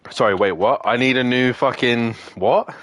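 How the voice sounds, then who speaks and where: A man's voice: medium pitch, moderate pace, a bit bright, no room sound. A young man streaming a racing game and chatting casually with friends, swearing constantly and ranting in exasperation. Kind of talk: casual gaming chat with friends.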